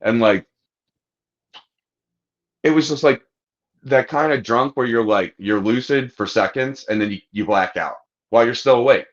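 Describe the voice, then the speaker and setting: A man's voice: medium pitch, moderate pace, long pauses. A man on a podcast telling a rambling, crude anecdote in casual chat, acting out the lines of the people in it. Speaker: podcast host. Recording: dull lo-fi podcast audio.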